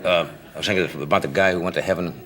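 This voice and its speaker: A man's voice: low voice, steady tone, racing. A man hosting a TV talk show, teasing and prompting his guest in dry banter. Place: TV studio before an audience. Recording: studio audience and loud noise.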